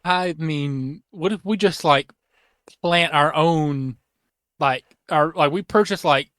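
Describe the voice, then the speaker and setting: Excitable young man, higher voice, dry mic. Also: slow pace, smooth, no echo. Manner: excitable, rambling, lots of fillers and restarts. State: losing his voice. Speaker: podcast host. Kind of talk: casual podcast chat.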